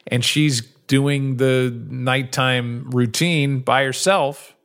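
A man's voice: mid-range voice, fairly even intonation, slow, fairly bright tone, clean tone. A man co-hosting a podcast in casual chat, telling rambling stories with many restarts and acting out what others said. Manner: rambling storyteller, acts out quotes. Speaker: podcast co-host.

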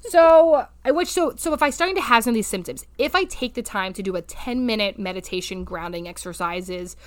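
A woman's voice: on the high side, brisk, dry recording. A woman co-hosting a podcast as a therapist, speaking frankly and casually and giving practical tips through personal examples. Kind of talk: casual advice chat.

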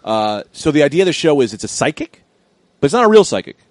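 A comedian telling a story in casual chat, acting out the people in it with loud, lively quotes. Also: male voice, a little high, fast, no room sound. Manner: animated, acts out quotes loudly.

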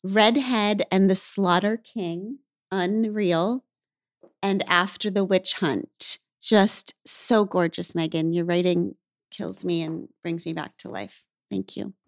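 A woman hosting a podcast interview, affirming her guest with soft murmurs and effusive praise. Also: mid-range voice, fairly even intonation, slow pace, creaky, no room sound, studio quality. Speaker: podcast host. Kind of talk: conversational interview.

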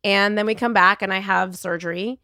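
A middle-aged woman as a podcast guest, telling her story in wry, animated casual conversation and acting out the voices of the people she quotes. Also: medium pitch, moderate pace, no room sound, clean studio sound.

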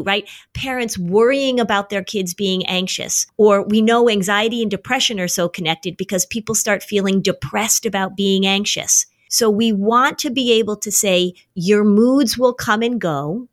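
Earnest middle-aged woman explaining on a podcast. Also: medium pitch. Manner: earnest, explanatory, acts out quoted exclamations. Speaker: podcast guest expert. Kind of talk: casual podcast conversation.

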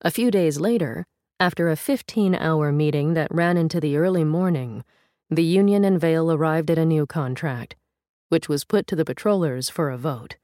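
A woman reads a feature story aloud in a calm, measured way. Her voice sits low, and the recording is dry and close, with no room sound. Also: no room sound. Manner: measured, steady reading with a first-person reporter voice. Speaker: narrator of an audio article. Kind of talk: scripted narration.

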